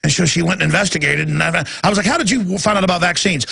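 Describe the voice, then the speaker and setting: A male talk radio host ranting in a heated monologue, mocking voices and breaking into shouts, with a gravelly voice. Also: sits high, fast, hardly any pauses.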